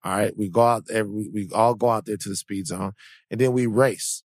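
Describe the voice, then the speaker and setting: A man co-hosting a podcast in casual chat, animated and blunt, swearing freely, with frequent restarts and stammers. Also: lowish voice, moderate pace, no room sound, studio quality. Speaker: podcast co-host.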